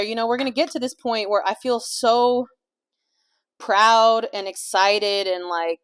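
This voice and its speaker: A woman's voice: on the high side, fairly even intonation, unhurried, smooth. A woman vlogger and life coach in a home kitchen, rambling candidly through a casual chat full of fillers and swearing. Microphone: small clip-on mic.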